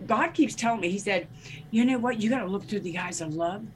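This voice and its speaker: A woman's voice: medium pitch, brisk, a little hiss or hum. A middle-aged woman sharing her testimony in a casual talk-show chat, telling stories with energy and acting out the voices of other people. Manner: animated storyteller who acts out the voices of others. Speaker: guest minister.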